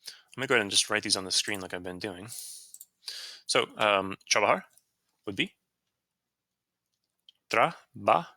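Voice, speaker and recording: Man, Spanish teacher, low voice, sharp bright tone, dry close mic, casual explaining. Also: expressive, normal speed, long pauses, no echo. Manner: casual explaining with fillers and self-corrections. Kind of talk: screen-recorded grammar lesson.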